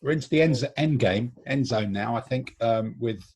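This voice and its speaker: Husky-voiced English man hosting a chat. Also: mid-range voice, normal speed, a little mellow. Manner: chatty, leads the conversation with frequent ums and restarts. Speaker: host. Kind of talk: casual group chat on a call.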